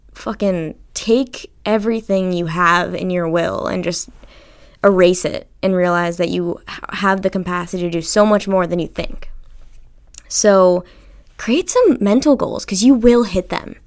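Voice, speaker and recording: A young woman hosting a casual solo podcast, chatty and animated, swearing freely and acting out what people said to her. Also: fairly low pitch, measured pace. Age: young adult. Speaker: podcast host.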